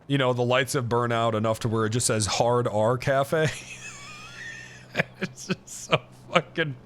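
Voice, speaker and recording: A man's voice: mid-range voice, normal speed, a bit bright, a little hiss or hum. A man chatting casually with his livestream viewers. He swears freely, laughs often and works himself up into mock outrage.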